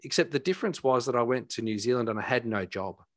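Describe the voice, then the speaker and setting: A man's voice: medium pitch, animated, fast talker, fairly bright tone, no room sound, studio quality. A man, a guest telling heartfelt stories in a rambling way, with many fillers and restarts. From Australia. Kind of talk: casual storytelling.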